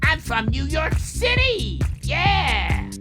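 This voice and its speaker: A woman's voice: high-pitched, very animated, takes it slowly, over loud music, pitched above the performer's own voice, exaggerated voice. A woman putting on a brash, boastful female pop singer in a sing-song comic voice. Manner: sing-song, showy, loud. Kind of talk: comic improv on a live stream.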